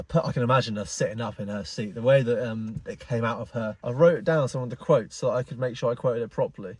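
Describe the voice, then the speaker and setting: Husky guy ranting to camera, fed up and kinda baffled, dry close sound. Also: medium pitch, animated, fast talker, hardly any pauses, a little mellow, no room sound. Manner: exasperated, incredulous, rambling with many "like"s. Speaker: car enthusiast vlogger. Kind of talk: casual storytelling rant.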